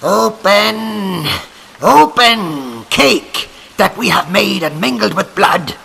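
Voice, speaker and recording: A man voicing a band of raging witches who shout loud demands at a barred door. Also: sits high, lively intonation, slow, creaky, a little hiss or hum, exaggerated voice.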